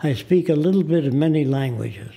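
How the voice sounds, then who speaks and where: An American man in his nineties, appearing as a guest in a studio interview, tells stories deliberately and acts out the people in them. His voice sits on the high side and is expressive and creaky, with a warm tone.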